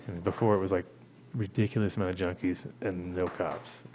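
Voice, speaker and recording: A man's voice: low voice, little pitch movement, fairly quick, a crowd in the background. A man hosting a show, telling a long casual story full of swearing and acted-out quotes. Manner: rambling, profane, acts out voices in quotes. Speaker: host.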